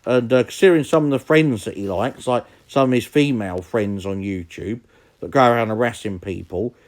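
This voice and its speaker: A man's voice: mid-range voice, a little fast. A man giving casual, indignant commentary, rambling with frequent restarts.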